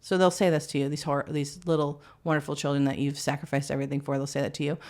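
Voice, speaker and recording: A woman in her thirties with a fairly low voice talks candidly about family life as a podcast guest. She tells stories animatedly, her pitch swinging widely as she pokes fun at herself. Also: very fast. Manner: animated, candid, self-mocking storyteller with big pitch swings. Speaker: guest, mother of three.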